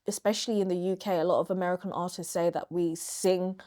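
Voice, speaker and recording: A woman's voice: on the low side, steady tone, fast, dark tone. A young British woman co-hosting a casual chat about film and celebrity news, talking in a chatty, reflective way and stretching some words out. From United Kingdom. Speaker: co-host.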